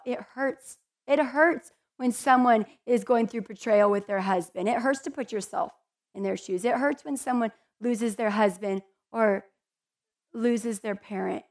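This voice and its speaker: A woman's voice: a little high, moderate pace, creaky. A woman giving a conversational Bible teaching in an earnest, heartfelt way, with chatty asides to her listeners.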